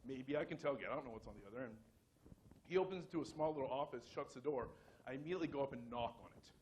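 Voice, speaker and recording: A man's voice: medium pitch, rapid-fire, darkish tone, a little hiss or hum. A man giving a conference talk, telling a story casually with lots of fillers, restarts and self-mocking humor. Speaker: conference speaker.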